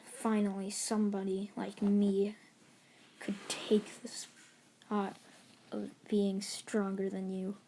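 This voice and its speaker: A calm, smug teenage boy who knows he can't lose, as a woman voices him in a casual fan story. He speaks low-key and unbothered, in a mellow, soft-edged tone. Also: slow pace, a little hiss or hum. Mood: cold.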